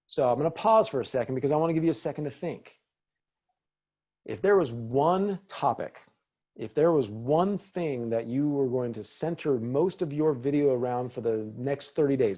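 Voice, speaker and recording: A man's voice: mid-range voice, dark tone, highs cut off. A man leading a casual webinar on using video in business, upbeat and encouraging, talking to attendees in a chat. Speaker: real estate team leader giving a video training.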